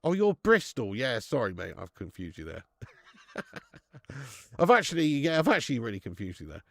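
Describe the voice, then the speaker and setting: A man's voice: mid-range voice, huge pitch swings, normal speed, vocal fry, a bit bright, no room sound. A man with a Dorset accent hosting a live football watch-along, chatting casually with viewers, calling them lad and mate, swearing freely and laughing often. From Dorset, England. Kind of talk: casual live commentary and chat reading.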